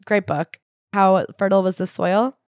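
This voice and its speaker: A woman co-hosting a casual book podcast, retelling a story with animated acted-out quotes and frequent swearing. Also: medium pitch, moderate pace, dry recording, clean studio sound. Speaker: podcast co-host. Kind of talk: casual book-recap chat.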